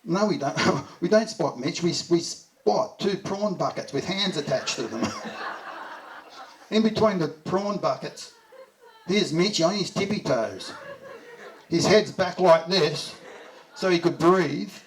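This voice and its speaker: A man's voice: fairly high pitch, animated, slow pace, a little hiss or hum. Heartfelt Australian man, distant mic. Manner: heartfelt storytelling, chuckles through anecdotes. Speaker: eulogy speaker. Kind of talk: memorial speech. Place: memorial gathering.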